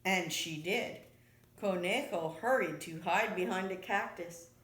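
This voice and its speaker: A woman reads a children's picture book aloud at an unhurried pace. Her narration is gentle and measured. The voice rings in an echoey room. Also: lowish voice. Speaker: storyteller.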